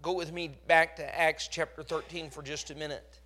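A man's voice: on the high side, level tone, moderate pace, bright, forceful tone. A man with a Texas accent preaching a sermon, with emphatic surges in volume. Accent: Texan.

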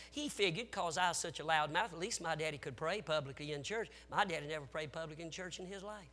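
A male preacher with a somewhat high, tense, forceful voice delivers an emotional sermon. He swings from shouted exhortation to hushed, near-whispered moments and drops folksy asides to the congregation. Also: fast, few pauses.

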